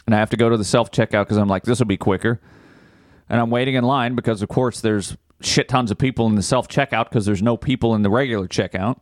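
A man's voice: mid-range voice, fast, no room sound. Profane ranting man, dry close sound. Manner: profane ranting storyteller, shouts in anger. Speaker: podcast co-host. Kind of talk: casual chat.

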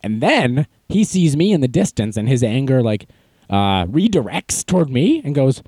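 A young man hosts a podcast, telling stories in a casual, self-mocking way. His pitch swings widely as he talks, and he jumps into a high voice to act out quotes. The sound is dry and close. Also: very animated, moderate pace, darkish tone, slightly rough, no room sound. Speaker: podcast host. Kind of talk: casual storytelling monologue.

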